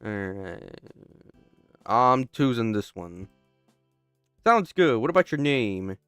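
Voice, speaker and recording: A man's voice: fairly low pitch, very animated, takes it slowly, a bit bright, clean tone, no room sound, faint music behind. A young man casually reading a game's text aloud while playing, often stopping to restart and break into joking asides. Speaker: gamer.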